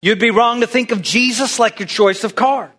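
A man's voice: very high-pitched, normal speed, a bit bright. A man preaching a folksy, conversational sermon, drawing the congregation into call-and-response. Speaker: pastor.

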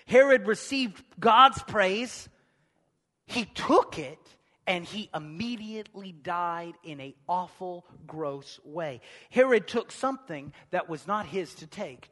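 A man preaching a sermon with emphatic repetition, building to shouts. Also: sits high, expressive, takes it slowly. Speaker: pastor. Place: church hall. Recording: echoey church hall.

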